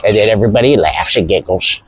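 A man's voice: lowish voice, fast, slightly rough, dry recording, pitched below the performer's own voice, rough recording. A man putting on the voice of a lazy, smug male online troll, taunting and sneering.

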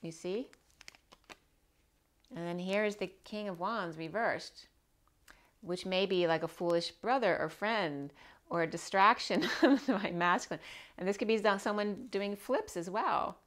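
A woman's voice: medium pitch, unhurried, fairly bright tone. A woman giving a casual spiritual tarot reading, rambling and repeating herself and checking in with "right?" as she goes. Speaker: tarot reader.

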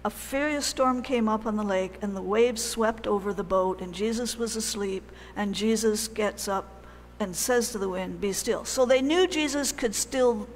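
A woman preaching a sermon in a church, telling the story in a conversational, animated way with pauses. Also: medium pitch, big-room sound, a little hiss or hum.

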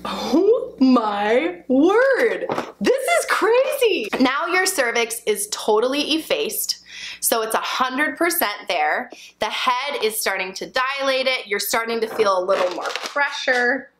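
A young woman, a birth educator, talking through a hands-on demonstration in an excited, laughing way, sometimes straining with effort. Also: on the high side, unhurried, a little hiss or hum, poor audio. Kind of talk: demonstration vlog.

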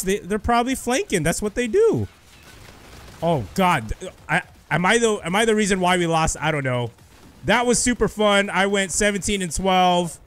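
Hyped young man doing game commentary. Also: sits high. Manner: hyped, excitable, shouting at kills. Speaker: gaming youtuber. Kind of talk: live gameplay commentary.

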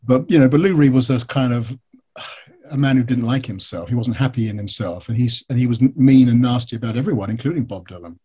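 An English man, a biographer being interviewed, telling stories candidly in a relaxed, rambling way. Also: mid-range voice, a little fast, breathy edge. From England. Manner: candid, storytelling, frequent fillers. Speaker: biographer and author guest. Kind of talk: conversational interview answers.

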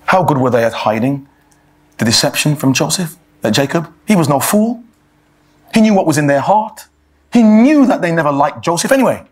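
A man's voice: on the high side, very animated, normal speed. A man giving a sermon-style Bible talk, addressing the congregation as brothers and sisters and reading scripture aloud, often restarting his words.

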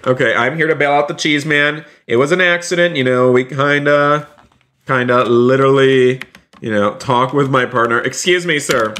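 An eager man commentates his game stream in a voice of ordinary pitch. He narrates every move to his viewers with constant exclamations and says many lines twice. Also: noisy background. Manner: repeats phrases, keeps saying "you guys". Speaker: streamer playing a roleplay game.

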